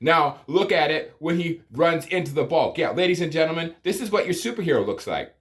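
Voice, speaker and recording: A man's voice: a little high, expressive, fairly quick. A man giving a profane comedic movie review, exasperated and ranting, with sighs and groans of disbelief. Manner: exasperated, swearing, sighing rants.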